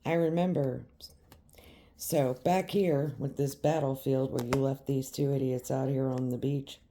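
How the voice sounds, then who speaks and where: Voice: mid-range voice, steady tone, moderate pace, mellow, slight background noise. A tarot reader giving a reading straight to the viewer, emphatic and repetitive. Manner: emphatic and repetitive, speaking directly to the listener.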